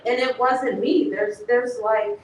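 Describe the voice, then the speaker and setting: A woman's voice: on the high side, steady tone, takes it slowly, slight background noise. A woman organizer giving a passionate, emotional talk to an audience, laughing and close to tears as she speaks. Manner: passionate, laughs and nearly cries. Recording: echoey room, speaker far from mic.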